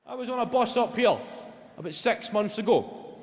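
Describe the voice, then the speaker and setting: A man in his twenties with a Glaswegian Scottish accent, doing a stand-up routine and telling stories in an animated, profane way. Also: very high voice, normal speed, heavy background noise. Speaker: stand-up comedian. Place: live venue on stage. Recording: long hall reverb, loud ambience.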